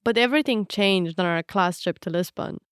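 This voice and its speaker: A young woman from Romania, a native Romanian speaker, giving a reflective, measured scripted narration of her own story. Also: medium pitch, fairly bright tone, clear, resonant tone, no echo, clean studio sound.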